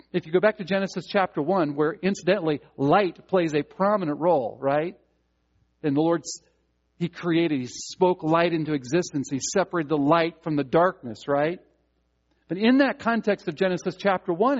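A man's voice: sits high, highs cut off. A man preaching a sermon, stressing key words by repeating them and restarting phrases.

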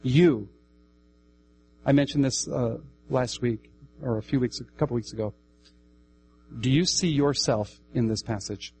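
A man preaching a sermon emphatically, repeating key phrases and swinging between raised, high-pitched declarations and quiet, lower passages. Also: unhurried, long pauses, slight background noise, low-quality recording.

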